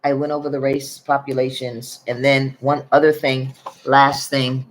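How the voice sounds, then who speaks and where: A woman's voice: a bass voice, flat delivery, unhurried. A woman from the northern United States talks on her own channel, reading population figures aloud in a casual monologue. She wanders a little, trips over words, and corrects herself without fuss. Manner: rambling, with fillers and self-corrections. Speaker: YouTube commentator.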